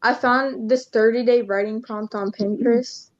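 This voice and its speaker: A woman's voice: on the high side, fairly even intonation, normal speed. Chatty woman, slightly muffled sound. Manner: eager and chatty, with some fillers. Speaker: podcast co-host. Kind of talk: casual chat. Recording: dull lo-fi sound.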